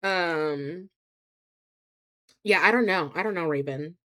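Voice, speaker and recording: A woman's voice: lowish voice, slow pace, sharp tone. A young adult woman live streaming, chatting casually with viewers. She rambles, hesitating and restarting often with many fillers. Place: home streaming setup.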